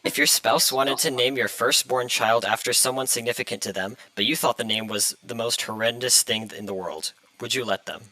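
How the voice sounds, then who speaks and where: A young man hosts a casual podcast in a bright, sharp voice. He hesitates often and fills gaps with "uh" and "like". The sound is dry and close. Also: medium pitch, fairly even intonation, fairly quick, hardly any pauses, no room sound, rough recording. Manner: hesitant, many fillers, flustered by tech trouble. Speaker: podcast host.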